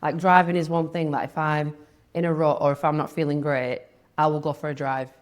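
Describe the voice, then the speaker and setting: Young woman, pretty low voice, chatty guest telling her story, lots of "like". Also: flat delivery, brisk. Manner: chatty, lots of "like" and quoted inner speech. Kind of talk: candid personal interview.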